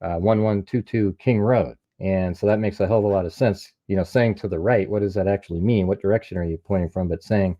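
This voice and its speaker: Man, low mellow voice, dry muffled sound, methodical true crime breakdown. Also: fairly even intonation, a little fast, few pauses, dry recording. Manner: explains step by step, points out details. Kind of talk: casual analysis, walking through a recording.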